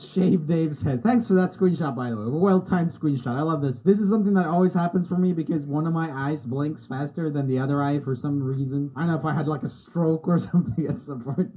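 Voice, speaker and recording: A young male streamer chats loosely with his viewers, teasing himself and reacting to comments. His voice sits slightly high, and its tone is soft and dark rather than bright. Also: rough recording. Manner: joking, self-mocking, reacting to chat. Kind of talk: casual livestream chat.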